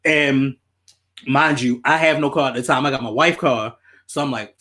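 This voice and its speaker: A man tells a story on a podcast, talking in a loose, animated way. He swears freely and repeats himself as the story builds. His voice sits at an average pitch. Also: normal speed. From Baltimore, USA. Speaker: podcast host. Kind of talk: casual storytelling.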